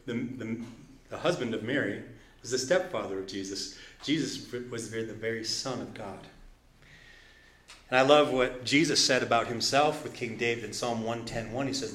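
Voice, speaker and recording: A man's voice: mid-range voice, fairly bright tone. A man preaching a sermon, joking with his listeners and reading scripture aloud with rising intensity. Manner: playful, laughing asides, reads scripture with rising intensity. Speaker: pastor. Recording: roomy echo.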